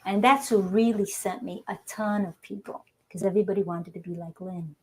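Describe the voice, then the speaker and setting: A woman hairdresser recalls her early clients in a recorded interview clip. She tells it with animation, slipping into the voices of the people she quotes. Her speaking voice sits at a middle pitch. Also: a little fast. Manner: animated storyteller acting out dialogue. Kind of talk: interview clip, personal storytelling.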